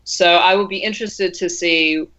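A woman's voice: lowish voice, steady tone, moderate pace, a bit bright. A woman co-hosting a casual film podcast, talking things through with many restarts. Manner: thoughtful, talks in restarts. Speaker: podcast co-host. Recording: dull lo-fi sound.

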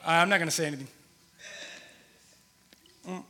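A man's voice: fairly high pitch, moderate pace, pushed and bright, big-room sound, a little hiss or hum. A man in his thirties preaching a conversational sermon in a church, repeating phrases for emphasis. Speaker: pastor. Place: church hall with long reverb.

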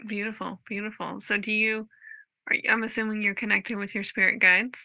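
A woman's voice: medium pitch, level tone, fairly quick, creaky, bright, forceful tone, no echo. A woman hosting a podcast, chatting casually and gushing with enthusiasm. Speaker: podcast host.

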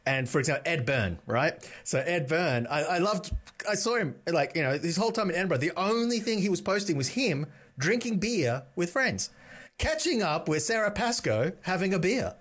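A middle-aged man co-hosts a comedy podcast in loose, casual chat. He mocks himself and swears freely. His voice sits slightly high and jumps around a lot. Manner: animated, sweary, self-mocking. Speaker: podcast co-host.

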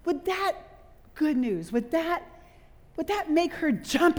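Animated middle-aged woman preaching in a hall. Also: very high-pitched, slow pace, long pauses. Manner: animated storytelling, quizzing the audience. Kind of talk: sermon. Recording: long hall reverb.

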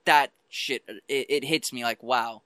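A man's voice: mid-range voice, fairly even intonation, a little slow, sharp tone, dry recording. A man co-hosting a podcast, talking earnestly and stumbling over restarts. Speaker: podcast co-host. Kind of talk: casual chat.

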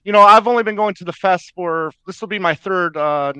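Bright, smooth-voiced male podcast host. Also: sits high, brisk, dry recording, highs cut off. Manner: encouraging, frequent short backchannels. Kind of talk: casual interview.

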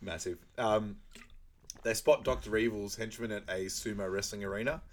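A man co-hosting a podcast, chatting casually as he recaps a film. He laughs often and keeps breaking into loud, animated character impressions. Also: lowish voice, moderate pace. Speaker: podcast co-host.

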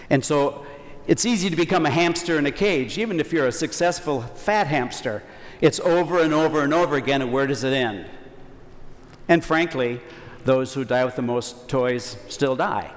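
A man's voice: a little high, lively intonation, moderate pace, in a large hall. A man preaching a Sunday homily as a priest in a conversational, folksy way, acting out quotes.

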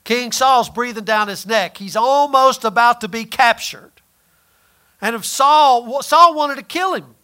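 Male pastor, sermon delivery, high and bright, big dynamic swings. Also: a little slow. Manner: preaching with swings from loud emphasis to near-whispered lines.

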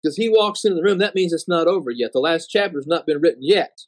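Slow, dramatic man recounting a dream. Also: fairly high pitch. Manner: halting, repeats words, dramatic slow emphasis. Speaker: dream narrator.

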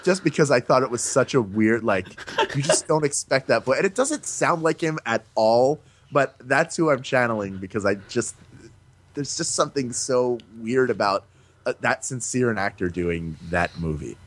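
A man being interviewed, chatting casually and telling animated stories about doing voices. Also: mid-range voice, moderate pace. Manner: animated storyteller, breaks into playful voices. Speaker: voice actor guest.

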